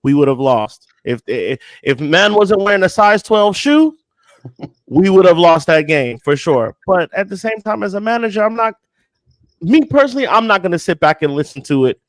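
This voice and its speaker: A man's voice: sits high, very animated, normal speed, no echo. A man co-hosting a casual sports talk show, blunt and conversational, talking in hypotheticals. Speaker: co-host.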